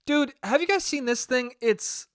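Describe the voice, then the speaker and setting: Animated, high-voiced man telling stories. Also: measured pace, dry recording, clean studio sound. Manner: profane, animated, laughs often. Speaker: podcast host. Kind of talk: casual solo podcast storytelling.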